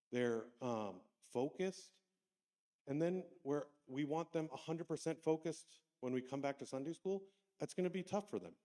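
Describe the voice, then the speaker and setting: A man's voice: medium pitch, a little mellow. A man giving a casual, anecdotal training talk to church volunteers, telling stories from his classroom. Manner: conversational, anecdotal, acts out kids' voices. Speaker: Sunday school teacher trainer. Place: church hall. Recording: long reverb of a church hall.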